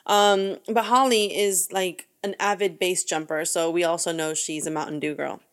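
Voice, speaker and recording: A woman's voice: lowish voice, fairly even intonation, normal speed. A woman co-hosting a casual podcast, recapping a horror movie in a rambling way, with restarts and easy laughter. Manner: rambling, self-correcting, laughs easily. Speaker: podcast co-host.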